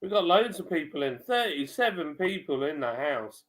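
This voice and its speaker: Lively chatty man. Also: a little high, normal speed, slight background noise. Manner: chatty, animated banter. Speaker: live-stream host. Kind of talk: casual pub-style live-stream chat.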